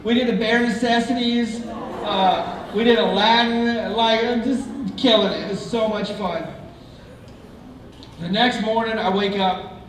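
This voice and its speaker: A man's voice: high voice, steady tone, a little slow, a little hiss or hum. A man performing a live stand-up routine on a theatre stage, telling chatty, self-mocking stories. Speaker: stand-up comedian. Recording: echoey theatre from far off.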